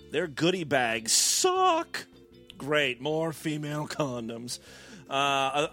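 Brief: man, comic news host, sarcastic and foul-mouthed, somewhat high and animated. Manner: profane, sarcastic, animated, riffing asides. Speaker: comedy podcast host. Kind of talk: irreverent comic news reading.

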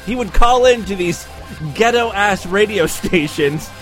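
A male podcast host riffing in a comedic monologue, sarcastic and rambling. His voice sits a little high and swings widely in pitch, with faint music under it. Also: animated, measured pace. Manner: rambling, sarcastic, jumps between loud and mumbled.

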